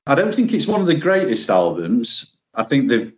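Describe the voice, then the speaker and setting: A man's voice: medium pitch, moderate pace. A man as a podcast guest, talking casually and enthusiastically about his favourites. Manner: relaxed, opinionated, enthusiastic. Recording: dull lo-fi audio.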